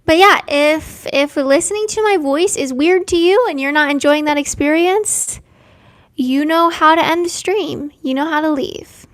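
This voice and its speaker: A young woman hosting a casual live stream, reading out viewers' names and talking gently and affirmingly about dreams. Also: high voice, no room sound. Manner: slow, gentle, spiritual and affirming.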